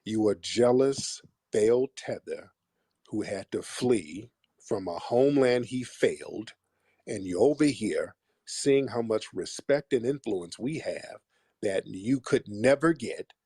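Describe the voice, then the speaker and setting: A man hosting a live call-in stream, mocking and insulting his callers bluntly with slow, drawn-out put-downs. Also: fairly low pitch, a little mellow, slightly rough, dry recording, clean studio sound. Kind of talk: combative call-in show talk.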